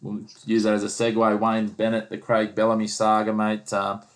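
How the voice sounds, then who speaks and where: A man's voice: lowish voice, completely flat delivery, moderate pace. A man hosting a casual sports chat, blunt and teasing, pushing his co-host for answers. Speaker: podcast host.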